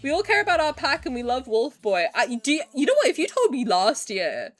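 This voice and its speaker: A woman in her twenties chatting casually on a stream, answering chat in an animated way, swearing freely and swinging between low mumbles and loud outbursts. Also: brisk, few pauses, soft background music. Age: 20s.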